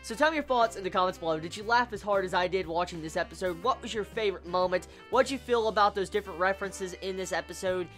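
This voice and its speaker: An anime reviewer talking in a casual, excitable way and swearing freely. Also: medium pitch, fast talker, few pauses, faint music behind.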